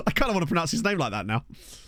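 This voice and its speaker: Lively chatty Southern English guy. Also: fairly high pitch, fast. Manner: chatty, rambling, answers chat as he plays. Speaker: streamer. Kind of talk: casual gameplay commentary while reading chat. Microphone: desk microphone.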